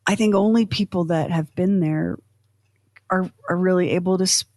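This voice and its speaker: A woman's voice: fairly low pitch, normal speed, darkish tone, dry recording. A woman hosting a podcast, talking in a chatty, rambling, self-deprecating way. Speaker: podcast host. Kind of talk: casual chat.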